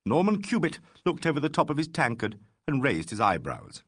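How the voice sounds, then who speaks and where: A man narrating a classic mystery audiobook with expressive, varied delivery. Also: mid-range voice, brisk, breathy edge, no room sound, clean studio sound.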